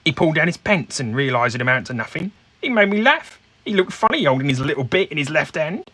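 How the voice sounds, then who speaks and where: A man's voice: fairly high pitch, very animated, fast, pushed and bright, no echo, voice pushed up, full character voice. A man voicing a brash, coarse young working-class woman in a put-on Cockney accent, in a solo tabletop game. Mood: indignant.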